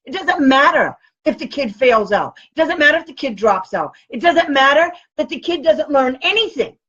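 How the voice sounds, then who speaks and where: A woman giving a blunt, animated training talk to parents as a special education advocate. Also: sits high, normal speed. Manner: animated, blunt and combative, with quoted comebacks. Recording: dull lo-fi recording.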